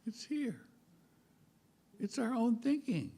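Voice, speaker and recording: Slow, gravelly man giving a talk. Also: very high voice, sing-song, mellow. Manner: wry, self-mocking, with chuckles; halting, repeats words. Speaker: spiritual speaker. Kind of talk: humorous spiritual talk.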